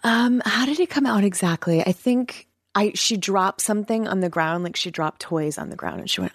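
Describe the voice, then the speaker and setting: A woman's voice: mid-range voice, normal speed, hardly any pauses, no echo. A woman with a mid-range voice chats as a podcast guest. She is playful and laughs easily. Her voice sounds dry and close to the mic. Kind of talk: casual interview chat.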